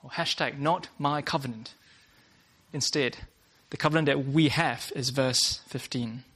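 A man's voice: mid-range voice, steady tone, measured pace, a bit bright, breathy edge. A man preaching a sermon to a workplace gathering, earnest, often starting lines with "uh" and restating his points.

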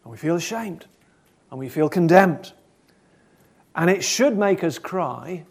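A man preaching a sermon, earnest, asking probing questions and swinging between loud and soft. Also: a little high, expressive, unhurried, pauses often, husky.

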